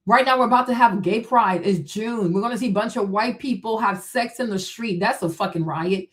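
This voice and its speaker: A woman's voice: mid-range voice, fairly quick. A woman hosting a live stream, answering chat in a confrontational, mocking rant full of profanity and rhetorical questions. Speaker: streamer host.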